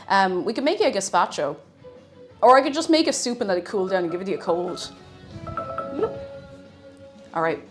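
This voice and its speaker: A medium-pitched woman talks a little fast with lively intonation but leaves long pauses, faint music behind her. On her live stream she's chatty and playful, laughing often and humming to herself now and then.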